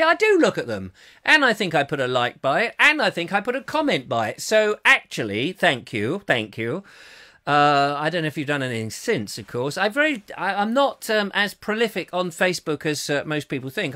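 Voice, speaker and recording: Animated, jokey man. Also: fairly high pitch. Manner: chatty, jokey, theatrical emphasis, laughs at own jokes. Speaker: host reading live chat comments. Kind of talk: comic rambling live chat show.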